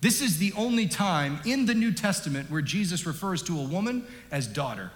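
Emphatic pastor in an echoing church hall. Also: male voice, high-pitched, brisk. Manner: animated, emphatic, varies loudness. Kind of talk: sermon. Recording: echoey hall with long reverb.

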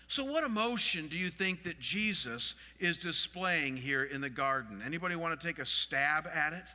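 Middle-aged male pastor, high and very bright, preaching to the room in a long hall reverb. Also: moderate pace, few pauses. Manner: expressive, asks the audience questions. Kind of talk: sermon.

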